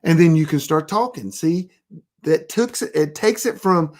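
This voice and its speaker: A preparedness instructor teaching a casual live online class, rambling through anecdotes with frequent restarts and a blunt, deadpan edge on serious points. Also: mid-range voice, unhurried. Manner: rambling, self-interrupting, anecdotal.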